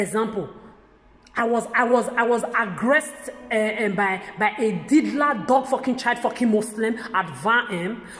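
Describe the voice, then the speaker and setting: A woman in an agitated vlog rant to camera, talking in heated bursts with stammering restarts and repeated words. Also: on the high side. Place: lives in the country she describes as where she'll age. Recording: echoey room with long reverb.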